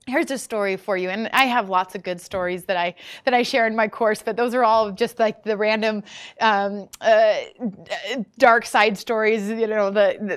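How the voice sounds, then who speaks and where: A woman teaching a hosting lesson in a casual, animated storytelling way, chatty and full of fillers and restarts. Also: fairly high pitch. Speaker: instructor teaching short-term rental hosting.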